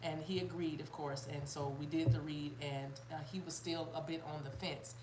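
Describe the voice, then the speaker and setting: A woman's voice: deep voice, fairly even intonation, normal speed, echoey room, noisy background. A woman giving a spiritual reading on a live stream, rambling, with many fillers and restarts, talking straight to her viewers. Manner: addresses viewers and chat directly, laughs often. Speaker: spiritual reader.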